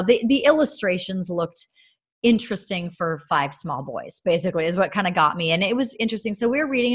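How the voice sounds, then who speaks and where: A woman in her thirties, a mother, telling viewers a faith lesson in a casual, animated way, laughing often and dropping to soft, quiet tones. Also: mid-range voice.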